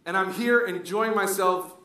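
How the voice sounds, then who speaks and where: A middle-aged man from Colombia doing an animated stand-up comedy set, switching between English and Spanish to act out people. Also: high-pitched, a little slow, distant mic. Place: comedy club stage with live audience. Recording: echoey club recording with crowd noise.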